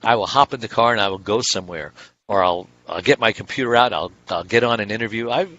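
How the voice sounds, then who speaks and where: A man's voice: on the low side, fast talker, sharp tone, muffled recording. Rambling middle-aged man telling stories. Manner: rambling, acts out little dialogues in other voices. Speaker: author and motivational speaker. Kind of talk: casual anecdotal monologue.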